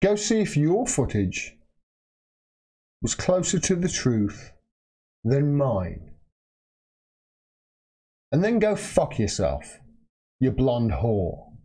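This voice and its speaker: A man's voice: medium pitch, sing-song, takes it slowly, long pauses, mellow, husky. A man giving an angry, profane livestream rant as a political video commentator, heated and emphatic.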